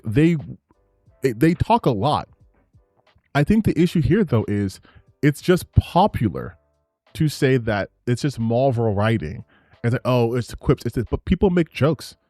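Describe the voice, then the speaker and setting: Guy ranting about games, super animated, keeps restarting, dry sound. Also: mid-range voice, no room sound. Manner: excited, rambling, frequent restarts. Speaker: gaming and politics commentator. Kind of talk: reacting to clips, casual commentary.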